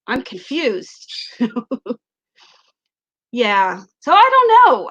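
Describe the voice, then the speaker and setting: Giggly high-voiced woman from the Ozarks. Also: a bit bright, lo-fi sound. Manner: chatty, giggly, reads comments aloud. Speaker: livestream host. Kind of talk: casual livestream chat.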